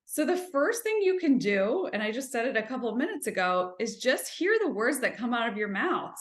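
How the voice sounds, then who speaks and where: A woman's voice: fairly high pitch, sing-song, reverberant. A woman hosting a self-help podcast, talking earnestly in a coaching tone and asking her listeners rhetorical questions. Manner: slows and softens when describing gentle listening. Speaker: podcast host.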